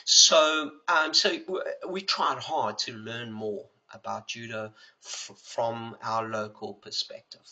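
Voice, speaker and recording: An older man with a South African accent, telling casual, animated stories full of fillers and acting out the dialogue. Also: mid-range voice, slow pace, rough recording. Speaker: judo historian recounting memories. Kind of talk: casual storytelling.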